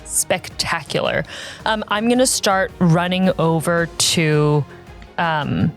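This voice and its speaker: A woman's voice: on the low side, slow pace, soft background music. Chatty woman player in a tabletop game. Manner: chatty, a bit scattered, playful.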